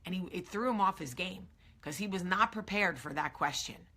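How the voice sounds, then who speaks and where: A woman's voice: fairly low pitch, moderate pace, sharp tone, slightly rough. A woman with a New York area accent, hosting a casual morning vlog and talking emphatically and earnestly straight to her viewers. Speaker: show host.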